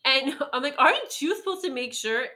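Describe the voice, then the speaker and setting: A woman's voice: sits high, expressive, a little fast, pushed and bright. Rambling woman telling a story. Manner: rambling storytelling with many fillers and laughs. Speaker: storyteller guest. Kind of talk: casual chat.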